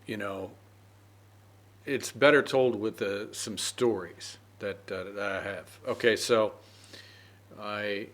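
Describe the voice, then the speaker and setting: A man's voice: fairly low pitch, fairly even intonation, slow pace, pauses often, fairly bright tone. Rambling man teaching an idiom. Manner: rambling, with many fillers and "right?". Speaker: English teacher. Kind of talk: unscripted idiom lesson.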